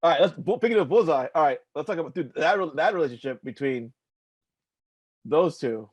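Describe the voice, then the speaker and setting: A young adult man co-hosts a casual comics podcast, rambling through loose chat with lots of filler and the odd swear. His voice is on the high side, animated and slightly rough, a little fast, in a dry recording.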